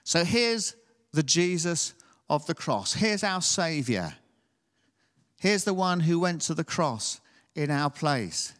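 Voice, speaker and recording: A man with a higher-than-usual voice preaches a sermon. He reads scripture aloud and then turns conversational, often asking his listeners questions. His voice rings out in a hall with long reverb. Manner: conversational, asks the congregation tag questions.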